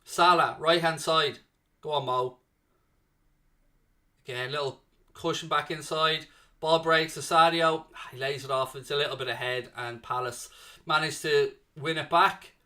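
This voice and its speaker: Fairly high in pitch and measured in pace, a young man's voice leads a live fan watchalong. He excitedly calls the play, chats with viewers, and reads their chat messages aloud.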